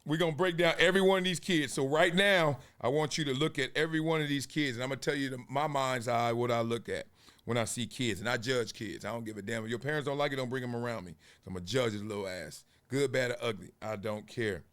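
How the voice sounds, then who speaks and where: A man's voice: medium pitch, fast talker, a bit bright, clear, resonant tone. A man hosting a casual sports commentary show, joking and trash-talking, now and then breaking into freestyle rhymes. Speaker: host.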